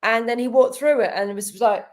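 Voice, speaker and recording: Lively woman telling a story. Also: a little high, brisk. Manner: animated, laughs often, acts out quoted dialogue. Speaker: healer guest. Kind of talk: casual podcast storytelling.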